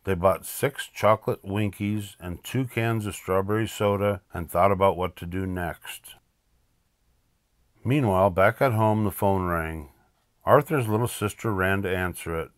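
An older man reading a children's picture book aloud in a lively, expressive way. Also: sits low, measured pace, no echo, clean studio sound. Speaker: storyteller.

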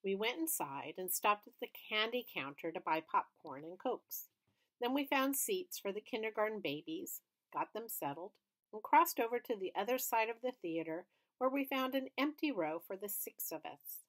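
A woman reading a children's story aloud at a middle pitch. Her narration is steady and expressive. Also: normal speed. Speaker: storybook reader.

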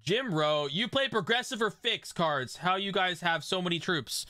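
Excitable young man streaming, bright and high. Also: moderate pace, no room sound. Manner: excitable, laughing, reacting to chat. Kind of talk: live game stream commentary.

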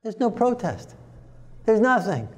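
A man with a very high-pitched voice delivers a sermon. He preaches forcefully and plainly, and he mocks the timid voices he quotes. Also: very animated, unhurried.

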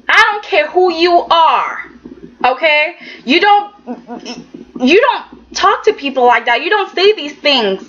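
A woman's voice: very high voice, animated, slow pace, fairly bright tone, muffled recording. A woman giving casual vlog commentary on a soap opera, emphatic and sassy, who keeps checking in with "okay?".

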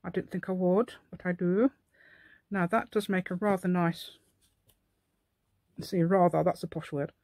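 A woman's voice: lowish voice, steady tone, unhurried, long pauses, darkish tone, no echo. Woman, middle-aged, rambling craft-channel host, mock-posh telephone voice, dry sound. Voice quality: playful put-on posh telephone voice. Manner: rambling, chatty, talks to herself while working. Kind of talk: casual crafting demonstration.

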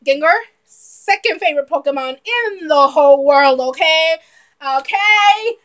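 Young woman, trailer reaction vlog, very high voice, bright, excitable and giggly. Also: measured pace. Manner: giggly and excitable, bursts into shouts.

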